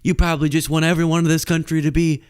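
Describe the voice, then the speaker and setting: A man voicing an angry, sneering male heckler who shouts insults. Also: on the high side, level tone, racing, smooth, voice pushed up, lightly acted.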